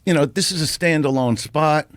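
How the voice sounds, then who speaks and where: A man, a comedian guest on a podcast, telling a showbiz story in a brash, profane, animated way, building to punchlines on a close studio mic. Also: on the high side, fairly quick, no room sound.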